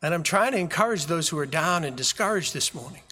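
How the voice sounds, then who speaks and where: A man's voice: on the high side, lively intonation, fast, pushed and bright. A man preaching a sermon as pastor, with emphatic, repeated phrases. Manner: preaching with rising fervor, emphatic repetition. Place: church sanctuary. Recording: long reverb of a large hall.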